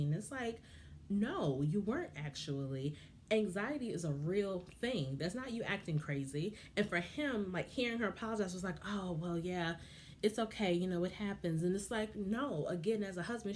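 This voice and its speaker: Woman, low voice, opinionated vlog commentator, heated and frustrated, faint background hiss. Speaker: vlogger reviewing a reality show. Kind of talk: casual commentary.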